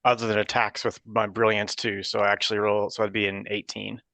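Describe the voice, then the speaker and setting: A man playing a tabletop game talks through his moves hesitantly and stumbles between words. His voice sits slightly low and sounds dry and close. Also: level tone, a little fast, gravelly, sharp tone, no echo. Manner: hesitant, lots of fillers. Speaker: player. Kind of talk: casual tabletop play.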